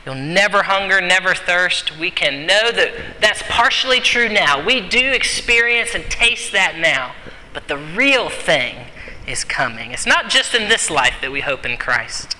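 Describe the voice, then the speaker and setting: A man's voice: a little high, lively intonation, unhurried, pushed and bright. A man preaching a sermon with earnest, repetitive emphasis, sometimes dropping to a whisper. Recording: long hall reverb, faint background noise.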